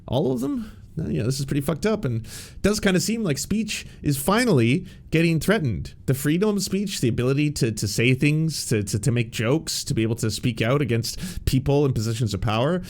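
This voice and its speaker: Brief: male commentary host, mid-pitched, swears freely, sarcastic riffing. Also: lively intonation, a little fast, darkish tone. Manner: sarcastic, profane, rambling. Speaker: podcast host. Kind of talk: political commentary.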